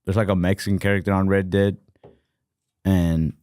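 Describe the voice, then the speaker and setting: A man co-hosting a podcast in casual, profane banter, animated and often jumping into higher voices when quoting people. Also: moderate pace, clean tone, no echo, studio quality. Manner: animated, profane, jumps into high-pitched quoted voices. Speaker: podcast co-host.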